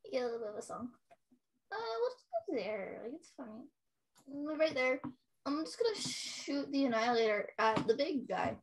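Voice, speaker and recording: A woman with a high voice that swoops up and down calls out her moves in a tabletop game. She is playful, giggly and teasing. Her tone is a little breathy. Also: lively intonation, moderate pace. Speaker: player. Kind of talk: casual play at the table.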